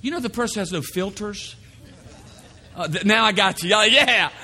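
Pastor preaching to his church, animated with voices put on; high man's voice in a reverberant sanctuary. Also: moderate pace, pauses often. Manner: animated, acts out voices of others. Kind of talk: sermon. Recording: long hall reverb.

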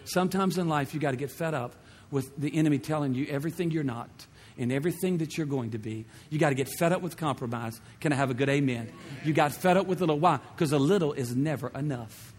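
A man's voice: fairly high pitch, fast talker, few pauses, a little mellow, slightly rough. A male pastor preaching a sermon with fervent, repetitive phrasing and rhetorical questions. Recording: long reverb of a large hall.

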